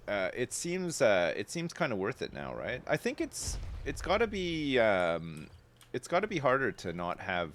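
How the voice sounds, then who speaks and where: There's slight background noise behind this man's low-pitched voice. He's in his thirties, a game streamer at his home setup, loosely rambling, answering chat, and dropping the odd swear while talking casually with viewers.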